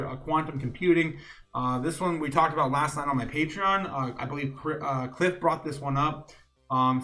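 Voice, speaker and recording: A man's voice: a little high, fairly bright tone. A male host giving loose, chatty market-news commentary on a live stream, reading from chat with many fillers and chuckling asides. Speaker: crypto show host.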